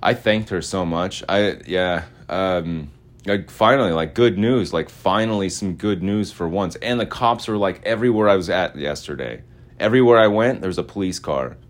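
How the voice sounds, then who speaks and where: A man's voice: low voice, normal speed. A man hosting a podcast in a casual, meandering monologue, slangy and full of filler words. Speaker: podcast host.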